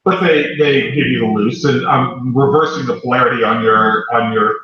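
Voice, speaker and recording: A man's voice: mid-range voice, fairly even intonation, moderate pace, echoey room, highs cut off. A man running a tabletop game as game master, narrating loosely with many fillers.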